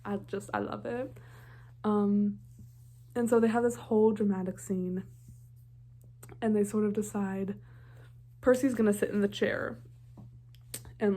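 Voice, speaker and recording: Gushing young woman with a mellow voice. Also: mid-range voice. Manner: gushing, heavy on filler "like". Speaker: TV reaction vlogger. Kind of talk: casual reaction commentary.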